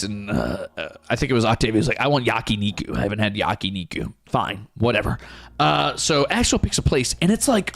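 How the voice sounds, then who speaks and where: A man's voice: medium pitch, gravelly. A man telling a story casually to his chat as a streamer, swearing often and telling it with energy. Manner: profane, animated storytelling.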